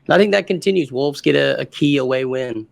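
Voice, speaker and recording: Gravelly man making confident predictions. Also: mid-range voice, fairly quick. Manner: confident, makes firm predictions. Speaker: podcast co-host. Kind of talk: casual sports chat.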